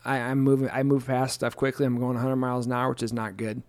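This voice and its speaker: A man's voice: medium pitch, level tone, fast talker, darkish tone, dry recording. Earnest storytelling man, dry sound. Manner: earnest, self-deprecating storyteller with playful quoted voices. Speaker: pastor and co-host. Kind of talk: casual chat on scripture.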